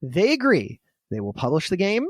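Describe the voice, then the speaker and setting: A man hosting a casual podcast, telling a story in an animated, swearing, chatty way. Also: high voice, normal speed, no room sound, clean studio sound.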